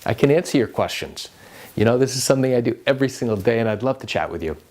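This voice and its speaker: A man's voice: medium pitch, animated, quick pace, a little mellow. A man who is an attorney, explaining a legal topic straight to the camera in an emphatic way, full of rhetorical questions. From New York.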